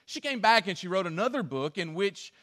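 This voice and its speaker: A male pastor preaching a sermon and telling a story, swinging from emphatic stretches to hushed ones. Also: high voice, sing-song, a little fast.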